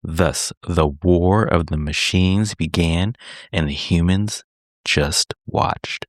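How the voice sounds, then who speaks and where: A man hosts a gaming podcast, his voice sitting very low. He laughs easily and sometimes slows into a deliberate storytelling delivery. The sound is close and dry, with no room echo. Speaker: podcast host. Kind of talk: casual podcast chat with dramatic read-aloud.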